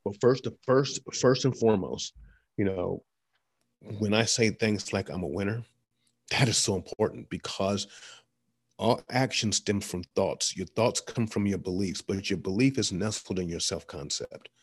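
A male motivational speaker, interviewed as a guest, tells stories energetically in an emphatic, repetitive, preaching style within a conversational interview. His voice is fairly low and husky, and his pace is measured.

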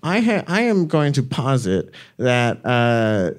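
Guest, male, thirties, unhurried and rambling, frequent laughs, casual late-night chat. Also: medium pitch, sing-song. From Arizona.

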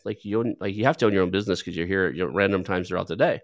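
A man with a very low voice talks casually, drifting through anecdotes with frequent fillers and restarts. The sound is dry and close. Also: very fast, no room sound. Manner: rambling, storytelling with filler words. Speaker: podcast host who buys businesses. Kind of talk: casual conversational interview.

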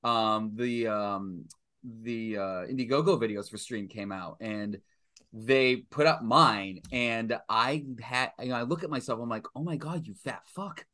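A man from Massachusetts talks as a podcast guest with a forceful, bright tone. He rambles through his stories, swears freely and pokes fun at himself, and his pitch sits in a middle range. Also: unhurried. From Stoughton, Massachusetts. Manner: rambling, profane, self-mocking. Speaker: guest filmmaker. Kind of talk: casual podcast chat.

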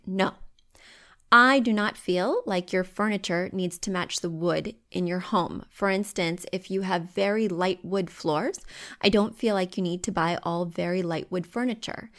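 A woman hosting a podcast from home, giving chatty, emphatic design advice. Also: lowish voice.

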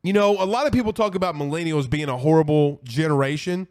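A man hosting a casual college football live stream, reading viewer comments and giving blunt, animated opinions, often repeating himself for emphasis. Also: fairly high pitch, fast talker. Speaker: host of a college football show.

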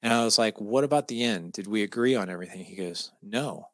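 On a podcast, a middle-aged guest with a low-ish voice tells a personal story quickly and casually. He brings quoted people to life by acting out their voices, animated throughout, and the recording has no echo.

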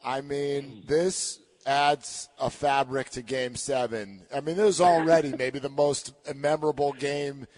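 A male interview host who reacts emphatically, halting and stammering with excitement before asking his question. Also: medium pitch. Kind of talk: casual interview.

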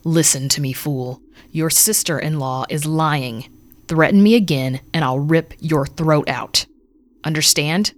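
A woman's voice: low voice, measured pace. A woman voicing a cool, fierce female witch who runs a shop in an audio story. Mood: menacing.

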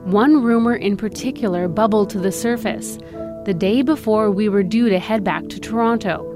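A woman, an investigative reporter, narrating a documentary podcast in a measured, serious tone. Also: mid-range voice, music in the background.

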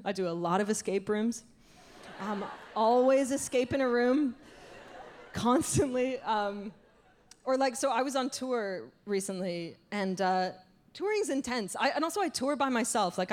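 A woman doing stand-up, telling a story in an animated, self-deprecating way with frequent restarts. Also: medium pitch. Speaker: stand-up comedian. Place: stage.

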